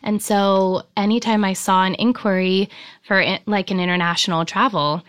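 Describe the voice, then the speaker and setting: A woman's voice: medium pitch, steady tone, normal speed, a bit bright, clear, resonant tone, dry recording, clean studio sound. A woman in her thirties, a wedding photographer, chatting enthusiastically in an interview with lots of ums and likes. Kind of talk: casual interview chat.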